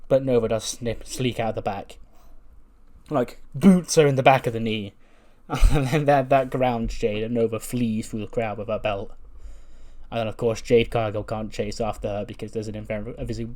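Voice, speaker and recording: A man's voice: medium pitch, steady tone, normal speed, darkish tone. A man narrating a wrestling game run in casual, rambling commentary, amused by his own story. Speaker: let's-play narrator.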